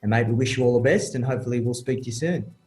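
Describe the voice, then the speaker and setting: A man's voice: mid-range voice, very fast. An Australian man hosting a podcast, wrapping up an interview with praise and friendly sign-offs. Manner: warm praise, frequent "mate". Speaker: podcast host.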